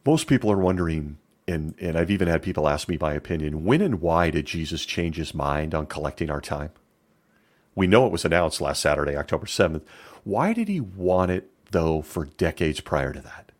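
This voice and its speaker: A man's voice: very deep voice, sing-song, moderate pace. A middle-aged man giving opinion commentary in a sarcastic, emphatic way.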